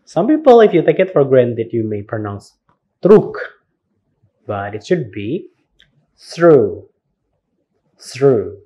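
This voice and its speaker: An Indonesian man giving a recorded university lecture, spelling words out letter by letter and repeating them slowly. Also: mid-range voice, big pitch swings, breathy edge, lo-fi sound.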